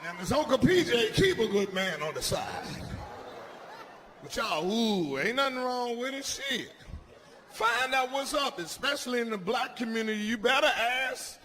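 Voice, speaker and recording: A stand-up comedian man with a high-set voice, speaking with loud, brash swings between low growls and shouts. Faint room noise sits under his set. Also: expressive, moderate pace. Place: comedy stage with live audience.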